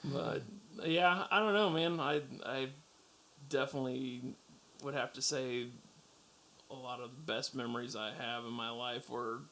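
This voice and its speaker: A man's voice: medium pitch, fairly even intonation, unhurried, a bit bright, a little hiss or hum. A man co-hosting a podcast, telling loose anecdotes in casual chat and laughing often. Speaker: podcast co-host.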